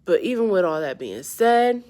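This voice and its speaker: A woman telling a casual, profane story about a strange dream, starting subdued and growing animated. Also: moderate pace. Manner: animated and profane, grows louder and more excited as the story builds; low-key and subdued at the start. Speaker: vlogger.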